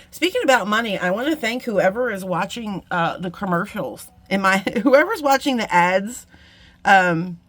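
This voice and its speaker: A woman's voice: mid-range voice, animated, moderate pace, fairly bright tone, dry recording. A middle-aged woman chatting casually through a jewelry-making tutorial, self-deprecating and talking to viewers as friends. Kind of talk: casual craft tutorial chat.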